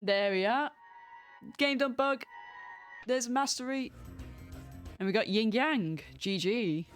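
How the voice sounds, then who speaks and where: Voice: medium pitch, slow, a bit bright, soft background music. A streamer giving casual gameplay commentary, full of sarcasm, laughter and swearing.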